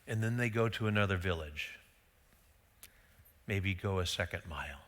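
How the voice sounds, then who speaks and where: A man's voice: sits low, moderate pace, fairly bright tone. A middle-aged man, a pastor, preaching a casual, conversational sermon with rhetorical questions and little acted-out quotes. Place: church sanctuary. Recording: long hall reverb.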